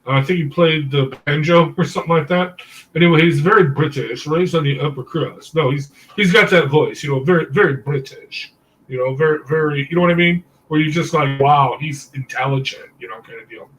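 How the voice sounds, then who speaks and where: A man with a somewhat high voice, heard from a little way off the microphone. He rambles through his story with many fillers and halts to fix his own details as he goes. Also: a little fast, fairly bright tone. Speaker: discussion group leader. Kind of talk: rambling casual discussion. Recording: voice distant from the mic.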